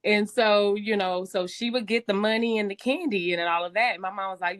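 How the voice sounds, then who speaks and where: A middle-aged woman with a slightly raspy voice, telling her life story as a guest speaker in a conversational way, with many fillers and restarts. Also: mid-range voice, steady tone, moderate pace, few pauses. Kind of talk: personal testimony talk.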